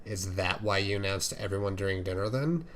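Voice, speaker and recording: A man reading the lines of a shy, earnest young male skater in a fan fiction, in a soft, gentle way. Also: sits low, fairly quick, a little hiss or hum, natural voice.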